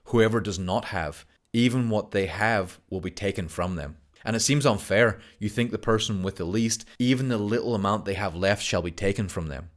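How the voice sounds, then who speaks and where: A man's voice: fairly low pitch, normal speed, hardly any pauses. A man giving an earnest motivational lesson on gratitude, sometimes acting out little conversations to make a point. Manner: earnest, acts out little dialogues in others' voices. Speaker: self-help course teacher. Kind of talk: motivational talk to camera.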